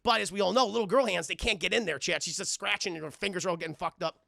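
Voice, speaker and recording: Male streamer, profane, animated recap, gravelly bright voice. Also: sits high, very fast, dry recording. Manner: profane, animated, addresses his chat constantly. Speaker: streamer and film reviewer. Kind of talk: casual live-stream film recap.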